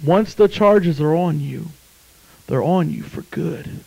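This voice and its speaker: A man preaching a sermon, swinging between hushed storytelling and loud, fervent exclamations. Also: a little high, animated, slow, vocal fry, husky, low-quality recording. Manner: impassioned, swings from hushed to shouting.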